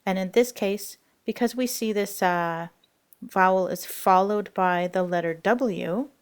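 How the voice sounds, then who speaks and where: A woman's voice: medium pitch, measured pace, smooth. Patient woman teaching grammar. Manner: patient, explanatory, with frequent fillers. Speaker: language teacher. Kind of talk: recorded grammar lesson.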